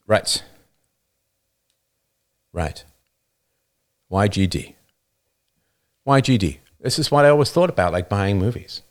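A man with a notably low voice hosts a livestream, speaking into a studio microphone. He talks off the cuff in an emphatic, punchy monologue and keeps checking in with the listener with a quick "right?". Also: lively intonation. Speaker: livestream host. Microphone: new studio microphone.

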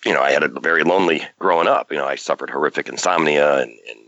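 Very deep-voiced halting male caller. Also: pushed and bright, highs cut off. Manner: halting, many fillers and restarts. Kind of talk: phone call-in conversation.

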